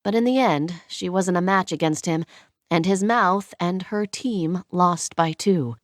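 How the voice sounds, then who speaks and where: Brief: audiobook narrator, woman, low pitch, steady scripted reading. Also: measured pace, no room sound, studio quality.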